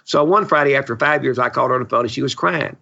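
Blunt, gravelly man in his seventies. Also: medium pitch, rapid-fire, bright, forceful tone, lo-fi sound. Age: 70s. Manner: blunt, opinionated, salty. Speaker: podcast guest, real estate investor. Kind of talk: storytelling interview chat.

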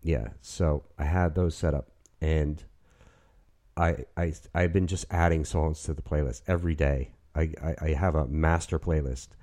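Brief: fifties male host, deep mellow voice, rambly and excited. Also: moderate pace. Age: 50s. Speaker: podcast host. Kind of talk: casual chat. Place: apartment.

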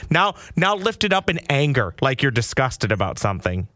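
A man hosting a sports podcast, talking in an excitable, playful patter. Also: medium pitch, moderate pace, dry recording, clean studio sound. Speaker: podcast host. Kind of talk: casual sports podcast chat. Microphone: headphones with studio mic.

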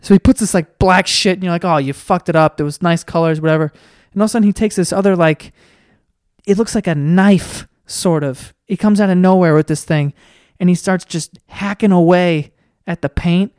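A podcast host riffing through a profane, rambling comedic monologue with animated storytelling. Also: mid-range voice, moderate pace, no echo, studio quality.

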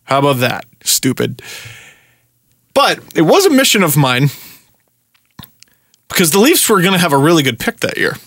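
A young man tells a story on a podcast in a bright, forceful voice that sits a little high. He is animated and profane, and he acts out his own rants. The sound is dry and close, with no room around it. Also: brisk, pauses often, no room sound. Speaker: podcast host. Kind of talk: casual storytelling chat.

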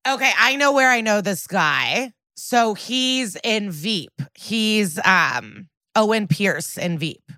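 A woman's voice: mid-range voice, slow, few pauses, no echo. Woman co-host, mid-range voice, dry close sound, outspoken and casual. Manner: opinionated, animated, frequent "like". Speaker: podcast co-host. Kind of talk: casual chat.

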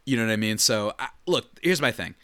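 A man's voice: on the low side, lively intonation, brisk, sharp tone, dry recording, clean studio sound. A man hosting a solo sports podcast, talking casually and animatedly with lots of fillers and restarts. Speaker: podcast host.

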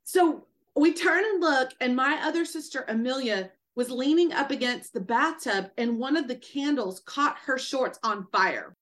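A woman guest, an author and doula, telling a personal story with animated energy and acting out quoted speech. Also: high-pitched, moderate pace, few pauses. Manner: lively, acts out quoted speech in a raised voice.

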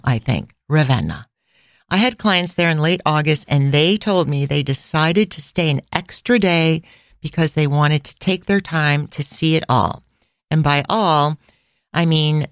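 A middle-aged woman co-hosting a casual travel podcast, chatty and quick to laugh, recorded close on a studio mic. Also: low-pitched, dry recording. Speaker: podcast co-host and travel planner.

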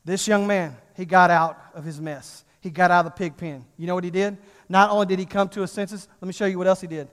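A middle-aged man preaching from the pulpit in an unusually high voice. He tells his story with excitable, animated energy and then leans into urgent appeals. His voice rings out in a large sanctuary with a long, lingering reverb. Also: fast. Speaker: pastor. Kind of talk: sermon with a comic personal story.

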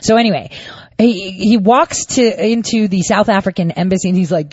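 A woman's voice: mid-range voice, normal speed, darkish tone, breathy edge, no echo, dull audio. A woman giving casual political commentary, firing off rhetorical questions and sarcastic asides.

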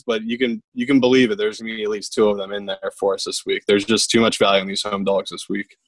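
Teasing Philly-accented betting co-host. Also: male voice, lowish voice, little pitch movement, a little fast, dry recording. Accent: Philadelphia. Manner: teasing, confident. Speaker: podcast co-host. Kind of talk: casual sports betting chat.

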